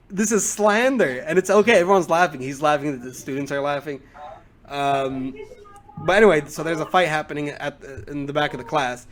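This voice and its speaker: Young male podcast co-host, rambling anecdotes, acts out quotes, slightly high voice. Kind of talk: casual storytelling.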